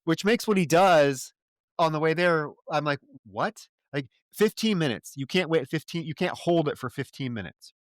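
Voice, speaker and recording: A man talks through a movie's plot on a podcast, his voice sitting a little high and recorded close and dry. He throws in sarcastic, profane jabs and briefly voices the characters as he goes. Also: animated, normal speed, no echo. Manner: acts out characters' lines in quotes. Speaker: podcast co-host. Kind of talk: casual film-review podcast chat.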